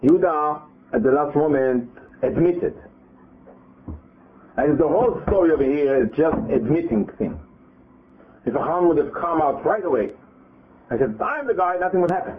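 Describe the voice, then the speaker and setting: A man's voice: on the high side, moderate pace, long pauses. A man giving a Torah lesson, retelling scripture with many repeats and acted quotes. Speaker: religious teacher. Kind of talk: Torah lesson to a live group. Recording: narrow phone-like audio.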